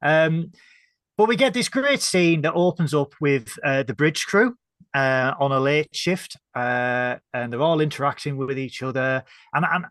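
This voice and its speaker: A man's voice: fairly high pitch, measured pace, a bit bright, no echo, clean studio sound. A man with a northern English accent co-hosting a casual review chat, talking in a chatty way with jokey asides. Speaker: podcast co-host.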